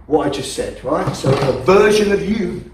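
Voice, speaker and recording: A man's voice: high voice, lively intonation, normal speed, noisy background. A man teaching a self-defense class in a training hall, blunt and profane, driving his points home with emphasis. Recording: echoey hall from a distance.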